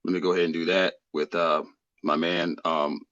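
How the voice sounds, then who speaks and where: A man's voice: low voice, level tone, normal speed, fairly bright tone, dry recording, lo-fi sound. A man speaking on a livestream panel, conciliatory and preachy, drawing out his phrases.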